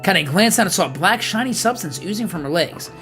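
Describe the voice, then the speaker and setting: Animated male streamer reading game text. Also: sits high, a little fast, faint music behind. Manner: animated, laughing asides, reads text aloud. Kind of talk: live game playthrough, reading aloud.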